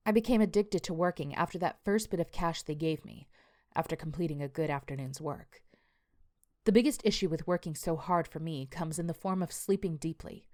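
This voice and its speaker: A woman voices a weary male landscaper writing a journal, telling his story in a rueful, plainspoken, confessional first-person way. The voice sounds male, a little high, fairly quick, and darkish, yet natural.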